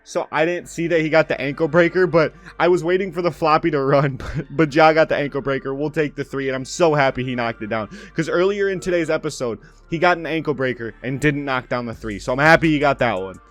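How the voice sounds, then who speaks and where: A young man commenting on his own video game play, bursting into loud calls on made shots. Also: a little high, fast. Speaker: gaming commentator.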